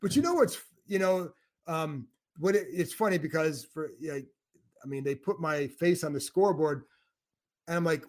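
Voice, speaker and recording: Host, man in his fifties, slightly high voice, rambles warmly with restarts and self-mocking humor. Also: lively intonation, moderate pace. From Cleveland. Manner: rambling, emotional, self-deprecating, with many restarts. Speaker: host, team beat reporter. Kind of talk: casual podcast chat.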